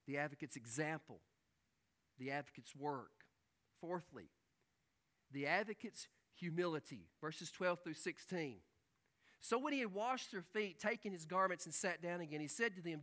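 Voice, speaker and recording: A man preaching a sermon, reading scripture aloud and swinging from loud emphatic peaks to hushed low lines. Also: expressive, moderate pace. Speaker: pastor.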